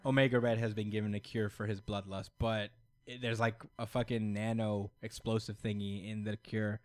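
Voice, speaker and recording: A man's voice: lowish voice, little pitch movement, normal speed, no echo. Laid-back man recapping on a podcast. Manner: loose, laughing, swears freely. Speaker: podcast host. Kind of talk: casual comic-book recap chat.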